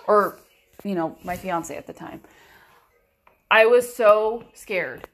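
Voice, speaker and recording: A woman's voice: mid-range voice, takes it slowly, reverberant, slight background noise. A woman telling a personal story in an earnest, emotional way, often stopping and restarting her sentences. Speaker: vlogger.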